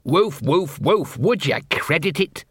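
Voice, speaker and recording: A man's voice: on the high side, big pitch swings, takes it slowly, a bit bright, breathy edge, no echo, studio quality, pitched above the performer's own voice, heavily acted. A man voicing a sarcastic, foul-mouthed talking dog in an audiobook. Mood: irritated. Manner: grumbling, sarcastic.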